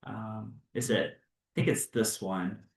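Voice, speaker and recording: A man's voice: lowish voice, fairly even intonation, slow. Laid-back physics teacher guy, lots of um and right?, far from the mic in an echoey classroom. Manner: casual, lots of fillers and "right?" check-ins. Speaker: high school physics teacher.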